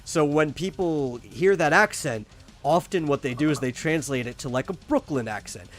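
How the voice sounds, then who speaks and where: A man's voice: fairly high pitch, moderate pace, a bit bright. Rambling man co-hosting a podcast. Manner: rambling, repeats words when starting sentences. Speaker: podcast co-host. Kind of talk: casual chat.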